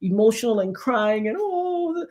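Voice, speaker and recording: A woman hosting a casual chat, telling stories in an animated way and acting out the people she quotes. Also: a little high, moderate pace. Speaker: show host.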